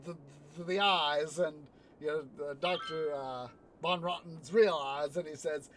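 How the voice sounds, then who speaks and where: A man's voice: fairly high pitch, steady tone, measured pace, fairly bright tone, a little hiss or hum. A man streaming a city-building game, chatting casually in a rambling way, retelling film scenes. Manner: rambling, many fillers and restarts, retells scenes with sound effects. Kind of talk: casual chat while playing a game.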